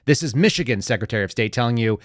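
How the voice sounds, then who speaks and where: A man's voice: medium pitch, lively intonation, very fast, dry recording. Angry male podcast host, swears, sarcastic, dry close sound. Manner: fired up, profane, sarcastic. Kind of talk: heated political commentary.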